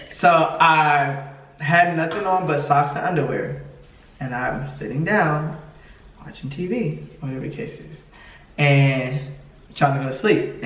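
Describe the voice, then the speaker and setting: A man telling a story in casual chat, acting out the other people's lines and laughing often. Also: on the high side. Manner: animated, acts out quoted dialogue, laughs often. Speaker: podcast co-host telling a story. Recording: echoey room from a distance.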